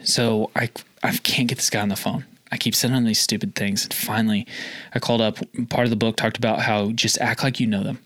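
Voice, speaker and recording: A man telling a story in casual chat, acting out the calls with sudden jumps in pitch. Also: flat delivery, a little fast, fairly bright tone, dry recording. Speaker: guest telling a sales story.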